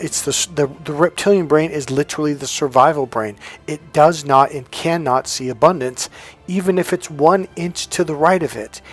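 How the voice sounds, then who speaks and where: A man coaching on self-help, telling a personal story in a casual, animated monologue, often restarting his sentences. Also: a little high. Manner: animated storytelling, breaks into loud acted-out dialogue; frequent restarts and stumbles.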